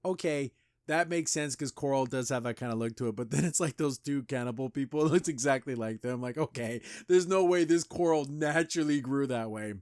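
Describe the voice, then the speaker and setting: A man's voice: mid-range voice, fairly quick, a little mellow, dry recording, studio quality. A man hosting a podcast, loosely recapping a cartoon episode with lots of "like" and restarts. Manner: loose retelling with frequent "like" and restarts. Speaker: podcast host.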